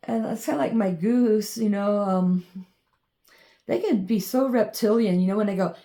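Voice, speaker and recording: A woman's voice: mid-range voice, moderate pace, warm tone. A woman vlogging in a casual, meandering monologue full of ums and you-knows as she shows her drawings.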